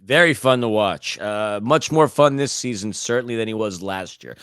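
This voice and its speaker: A man's voice: fairly low pitch, normal speed, a bit bright, clear, resonant tone, dry recording. A man co-hosting a podcast, recapping a soccer match in casual chat with blunt rants and sarcastic asides. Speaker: podcast co-host.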